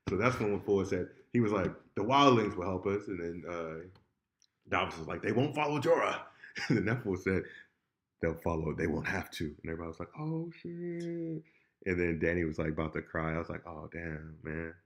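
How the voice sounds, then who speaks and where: A man's voice: low-pitched, lively intonation, moderate pace. A man co-hosting a casual show review, animatedly retelling scenes and acting out the characters' lines. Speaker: podcast co-host. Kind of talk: casual chat.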